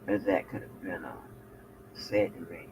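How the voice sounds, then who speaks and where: A woman hosting a reaction commentary channel, profane and animated, talking back at the clips she plays. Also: rumbling low, moderate pace. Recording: muffled with faint background noise.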